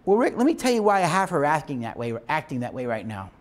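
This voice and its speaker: A man's voice: fairly high pitch, wildly swooping pitch, fast talker. A man voicing God as a patient father.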